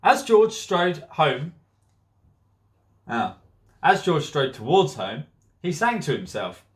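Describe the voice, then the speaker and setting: A male teacher reads a children's picture book aloud, giggling as he goes. His voice sits a little high and swings lively from line to line. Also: takes it slowly. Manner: giggly, keeps breaking into laughter. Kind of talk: storybook read-aloud.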